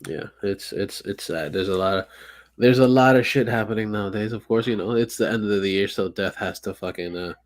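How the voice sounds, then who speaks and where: A young man co-hosting a podcast, laid-back and swearing freely, chiming in with quick agreement. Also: lowish voice. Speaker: podcast co-host. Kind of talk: casual chat.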